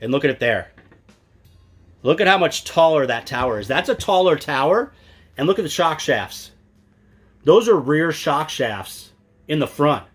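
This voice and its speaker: A man's voice: fairly high pitch, sing-song, unhurried, pauses often, breathy edge. An enthusiastic, chatty man, giving a casual product walkthrough with many fillers. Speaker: RC product reviewer. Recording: music playing underneath.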